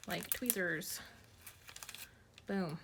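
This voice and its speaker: A woman streaming her card making from home, thinking aloud and muttering softly to herself as she sorts through supplies. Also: fairly low pitch, very slow, noisy background. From United States. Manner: muttering to herself while sorting supplies, soft asides. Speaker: craft streamer. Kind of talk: casual craft livestream chat.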